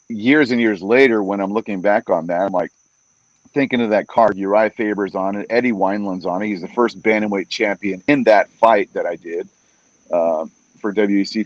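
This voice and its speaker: A man who works as a fight announcer, a podcast guest telling stories in a casual, animated way and acting out what other people said. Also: lowish voice, moderate pace, no room sound. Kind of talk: casual storytelling in a podcast interview. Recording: dull, dry podcast audio.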